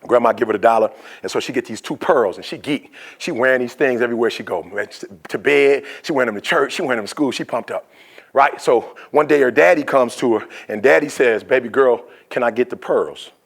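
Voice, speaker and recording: A man's voice: mid-range voice, a little fast, gravelly. A man giving a motivational sermon, telling a story in a conversational, fervent preaching style.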